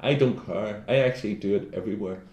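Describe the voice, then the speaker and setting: Fast-talking man in an echoey room. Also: fairly low pitch. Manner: rambling, animated, jokey. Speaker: co-host. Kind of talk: casual wellness advice chat.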